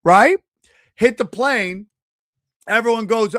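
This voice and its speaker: A man's voice: high-pitched, normal speed, dry recording, studio quality. A man hosting a podcast, telling a rambling, profane story in casual chat and acting out other people's lines. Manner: animated, acts out quotes in changing voices. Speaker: podcast host.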